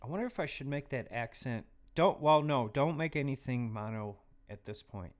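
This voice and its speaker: A man hosting a live stream who teaches music mixing in a chatty, casual way and often drops into quiet muttered asides while he works. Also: medium pitch, expressive, moderate pace. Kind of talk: casual live tutorial talk.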